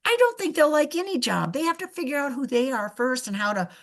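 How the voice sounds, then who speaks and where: A middle-aged woman, a veterinarian guest, telling animated stories in casual chat and often laughing. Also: sits high, fast talker. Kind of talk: casual storytelling.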